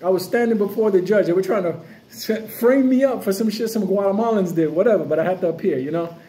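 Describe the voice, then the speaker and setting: A crypto vlogger with a high, mellow voice talks fast in a casual, unscripted rant to camera. He's profane, loose and swaggering, jumping from one story to the next.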